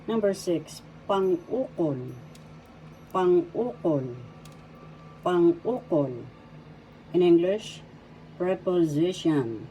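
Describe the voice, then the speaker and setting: A woman teaching a language lesson, repeating each word slowly and spelling out syllables. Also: on the low side, expressive, warm tone, a little hiss or hum, poor audio. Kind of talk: slow spoken language lesson.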